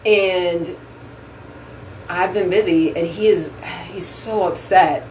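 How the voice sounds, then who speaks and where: A woman's voice: fairly low pitch, fairly even intonation, slow, a little mellow, a little hiss or hum, rough recording. A woman hosting a casual vlog, chatting effusively to her viewers from a bathroom sink at home. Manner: chatty and effusive, says "y'all". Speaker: vlog host. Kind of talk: casual chat to camera.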